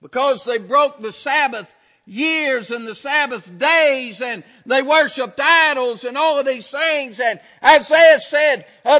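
A man preaching a sermon, emphatic and building to shouts on his key points. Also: extremely high pitch, slow. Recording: reverberant hall.

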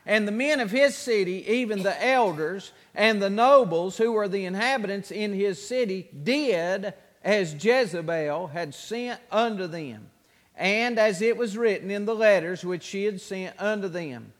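A man's voice: high-pitched, a little slow, in a large hall. A man preaching a sermon as pastor, reading scripture aloud in a raised, emphatic voice.

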